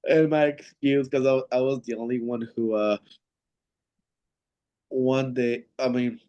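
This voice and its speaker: A man's voice: mid-range voice, steady tone, measured pace, mellow, smooth, dull audio. A man from Seattle, a professional wrestler guest, telling rambling anecdotes in a casual interview and acting out quoted dialogue with lots of fillers. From Seattle, USA.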